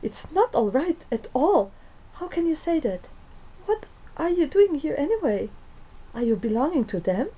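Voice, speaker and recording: A woman voicing a frightened young woman in her early twenties with a light French accent, who speaks anxiously in a squeaky, wavering voice. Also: sing-song, normal speed, dark tone, poor audio. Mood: distraught. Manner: anxious, high-pitched and wavering.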